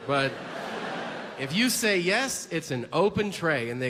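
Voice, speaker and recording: A man doing a ranting stand-up bit, acting out voices of fast food workers. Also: a little high, sing-song, in a large hall, background noise. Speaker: stand-up comedian. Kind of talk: stand-up comedy set.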